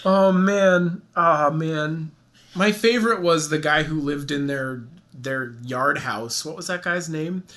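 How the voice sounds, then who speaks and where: A man's voice: a little high, slow pace, a bit bright. A man in his thirties co-hosting a casual podcast, giggly and rambling, easily sidetracked. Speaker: podcast co-host.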